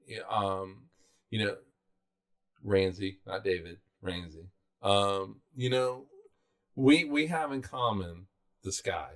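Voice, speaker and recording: A man's voice: on the low side, takes it slowly, pauses often, fairly bright tone. A middle-aged man from South Carolina, co-hosting a podcast in casual, rambling chat full of fillers and restarts. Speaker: podcast co-host.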